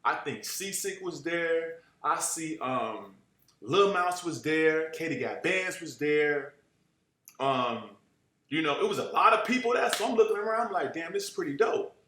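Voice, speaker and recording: A man's voice: a little high, measured pace. A young man telling a casual, profane story and acting out the people he quotes. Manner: animated, acts out quoted voices, profane street slang. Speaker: storyteller guest. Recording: roomy echo.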